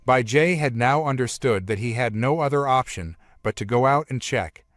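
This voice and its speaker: Man narrating a story recap, plain retelling, mid pitch, dry close sound. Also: moderate pace, no echo. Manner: plain retelling in the present tense.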